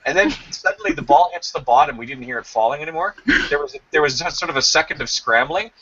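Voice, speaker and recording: A man's voice: fairly high pitch, fast, pushed and bright, breathy edge. A man hosting a casual chat, telling jokey anecdotes and acting out voices, on slightly dull lo-fi stream audio. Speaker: podcast host.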